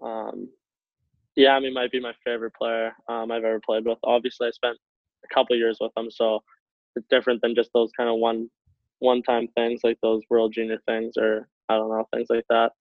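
A young man, a hockey player, telling a story in a rambling casual way, full of likes and quick laughs. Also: mid-range voice, completely flat delivery, no room sound. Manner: rambling, many likes, laughs between phrases. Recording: tinny phone-like line, dry.

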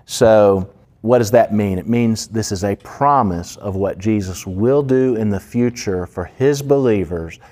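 A man with a low-pitched voice delivers a sermon on Greek word meanings. He talks in a conversational way, full of fillers and questions put to his listeners. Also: unhurried, a little mellow. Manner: conversational, with fillers and asides to the congregation. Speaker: pastor.

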